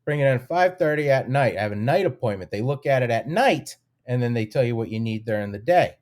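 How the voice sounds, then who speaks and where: Animated man ranting through a story. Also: medium pitch, fast talker. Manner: animated storytelling with swearing, acting out both sides of phone calls. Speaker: podcast co-host. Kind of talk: casual chat.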